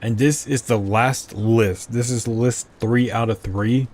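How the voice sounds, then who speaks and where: A man's voice: mid-range voice, steady tone, slow pace, a little mellow. A man casually commenting while playing a video game, rambling and asking himself questions as he goes. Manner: rambling, self-questioning, chatty. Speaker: gameplay commentator. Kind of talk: casual let's play commentary.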